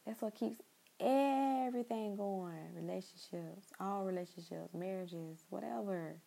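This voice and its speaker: A woman's voice: mid-range voice, unhurried, gravelly, mellow, low-quality recording. A young woman talking in a casual, rambling monologue, repeating herself and speaking straight to her listeners.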